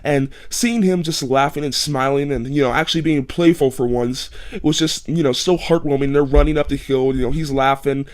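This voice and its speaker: A man's voice: mid-range voice, fairly quick, few pauses. A man giving a casual, rambling game review, full of restarts and fillers and getting emphatic at times. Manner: emphatic, gets loud when excited.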